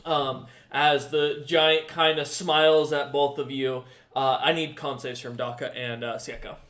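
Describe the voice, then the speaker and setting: A man's voice: medium pitch, little pitch movement, fairly bright tone. A man running an online tabletop game as dungeon master, talking casually with lots of ums and uhs and the odd curse. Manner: casual, profane, halting with many ums and uhs.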